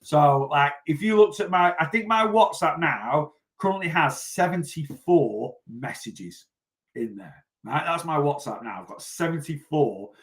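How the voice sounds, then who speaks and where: A man's voice: fairly high pitch, animated, measured pace. A man, a weight loss coach chatting casually on a livestream, rambling and answering viewer comments as he goes. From North West England.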